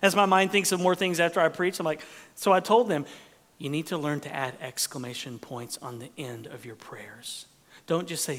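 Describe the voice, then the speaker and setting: A man preaching a sermon as pastor, expressive, dropping to whispers and rising for emphasis. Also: on the high side, normal speed, in a large hall.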